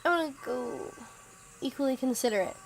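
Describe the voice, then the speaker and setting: A woman's voice: sits high, expressive, fairly quick, creaky, slight background noise, poor audio. A young woman streaming a story game, chatting casually, thinking aloud and asking her viewers what to pick.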